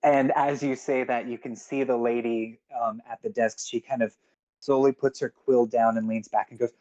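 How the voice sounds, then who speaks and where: A man's voice: medium pitch, fairly even intonation, moderate pace, warm tone, poor audio. A man running a tabletop game as game master on a live stream, hesitant with frequent ums. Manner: hesitant, with many ums and restarts.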